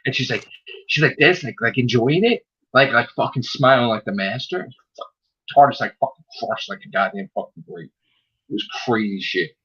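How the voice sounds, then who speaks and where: A man co-hosting a casual chat, excitedly retelling scenes and swearing a lot. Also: mid-range voice, moderate pace, husky. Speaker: podcast co-host. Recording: dull lo-fi recording.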